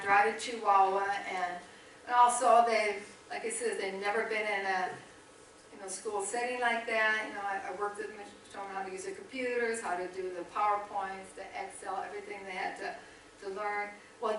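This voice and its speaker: A woman's voice: mid-range voice, slight background noise. Chatty middle-aged woman in an echoey church. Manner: animated, chatty storytelling with quoted dialogue. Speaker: missionary guest speaker. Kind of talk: storytelling testimony in a church service. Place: church sanctuary. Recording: echoey church hall, voice from a distance.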